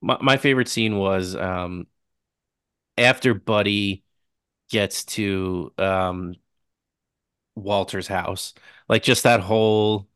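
A man with a somewhat low voice, chatting casually as a podcast co-host. He laughs a lot and fills his talk with "like." The recording is dry and close. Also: fairly even intonation, slow, pauses often, fairly bright tone, clean tone, no room sound. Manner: laughs often, uses "like" a lot. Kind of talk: casual movie-review chat.

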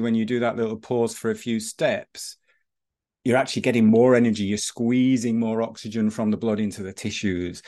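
A man who teaches breathing and running, telling stories in a relaxed podcast chat with many restarts. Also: medium pitch. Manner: storytelling, rambling with restarts.

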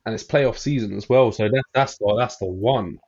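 A man in casual podcast chat, chiming in with quick agreement. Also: on the low side, a little mellow, breathy edge, muffled recording.

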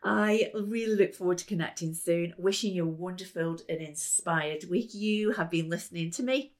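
A woman's voice: fairly low pitch, normal speed. A woman hosting a podcast as a life coach, talking in an enthusiastic, emphatic and chatty way. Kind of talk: motivational podcast talk.

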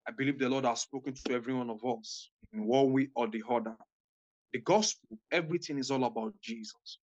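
A woman's voice: low-pitched, dull audio. A woman preaching as a guest evangelist, making fervent, repetitive appeals to her listeners.

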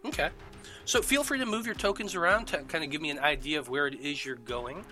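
A man narrates the scene as game master, pausing often and restarting his sentences. His voice sits a little high and sounds very bright and forceful. Soft music plays faintly behind him. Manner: halting, many ums and restarts. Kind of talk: narrating a tabletop game over voice chat.

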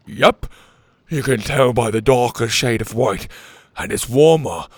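A man voicing an excitable young platypus in a high, squeaky, frantic voice. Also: unhurried, slightly rough, no echo. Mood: grateful. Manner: frantic and breathless.

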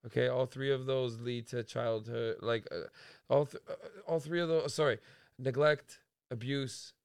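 Gravelly Canadian man telling stories. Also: mid-range voice, unhurried, no echo, studio quality. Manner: storytelling, animated, swears freely. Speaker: podcast co-host. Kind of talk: casual podcast chat.

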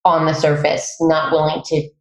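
A woman hosting a podcast, speaking in an earnest, reflective way and agreeing warmly with her guest. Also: low-pitched, monotone, moderate pace. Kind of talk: casual podcast conversation. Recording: echoey room.

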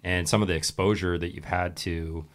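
A man's voice: sits low, steady tone, moderate pace. A man co-hosting a podcast, asking meandering questions with many fillers in casual chat. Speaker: podcast co-host.

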